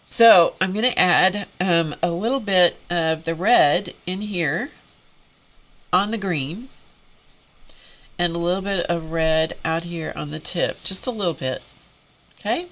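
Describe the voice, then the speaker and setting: A woman hosting a live drawing stream, teary and congested, talking in a halting, emotional way with sighs and pauses. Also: fairly low pitch, fairly bright tone. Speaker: host of an art live stream.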